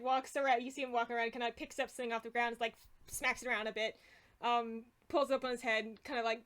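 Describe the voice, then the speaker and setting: A woman's voice: fairly high pitch, fairly bright tone. A woman narrating a tabletop game as game master, talking loosely with lots of fillers.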